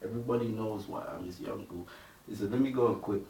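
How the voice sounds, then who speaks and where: A young male MC from Bristol, England, talks fast in a fairly low, slightly mellow voice with vocal fry, mixing slang-heavy street talk with freestyle bars and constantly tossing in "you get me" and "innit." The recording is roomy and distant, as if heard from across the room, with a little hiss or hum.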